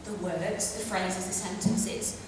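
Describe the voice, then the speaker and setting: A woman giving a chatty, brash stand-up comedy lecture on a theatre stage, with quick asides. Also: medium pitch, steady tone, far from the mic, a little hiss or hum. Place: theatre stage before a live audience. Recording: echoey hall recorded from afar.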